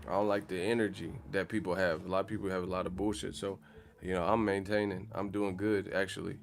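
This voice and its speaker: A man in California's Bay Area hosts a boxing channel livestream, chatting casually with profanity, jokes and slang. His low voice is creaky, shows little pitch movement, and runs fast.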